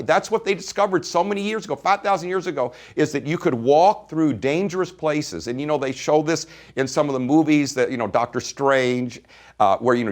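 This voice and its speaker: Animated male seminar teacher. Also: medium pitch. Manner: animated storytelling, emphatic. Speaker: energy practice teacher. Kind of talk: live online seminar talk.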